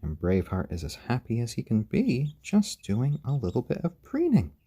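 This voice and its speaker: A man hosting a casual live stream at home, gently chatting to viewers and talking softly and fondly to his baby chickens. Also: mid-range voice, huge pitch swings, normal speed, breathy edge.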